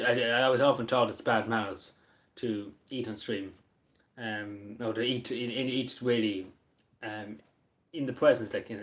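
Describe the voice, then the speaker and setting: A man talks casually to his livestream viewers, his voice sitting a little low. He is halting and full of fillers, and he keeps apologizing as he eats mid-sentence. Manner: hesitant, apologetic, many fillers. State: eating while talking.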